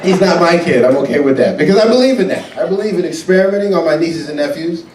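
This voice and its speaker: A man doing stand-up comedy, animated and jumping into high shouted character voices. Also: quick pace, crowd noise. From Southern United States. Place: cruise ship theater. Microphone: audience camera far from the stage. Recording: distant echoey theater recording. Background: audience noise.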